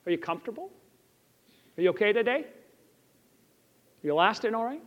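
High-voiced man preaching in an echoey chapel. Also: sing-song, normal speed. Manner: storytelling, earnest, rhetorical questions to listeners. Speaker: chapel speaker. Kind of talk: sermon with personal story. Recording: echoey hall, slightly dull.

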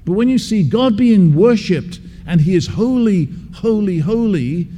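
Guy preaching slow and emphatic, mellow voice, long echo from the hall. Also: high-pitched, animated. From England. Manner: emphatic, repeats words for stress. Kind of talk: expository sermon with personal story.

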